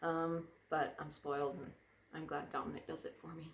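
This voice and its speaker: A woman's voice: low voice, little pitch movement, moderate pace, vocal fry, echoey room, slight background noise. A woman vlogger chatting casually, rambling and drifting onto tangents. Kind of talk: casual chat. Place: indoor room by a fireplace.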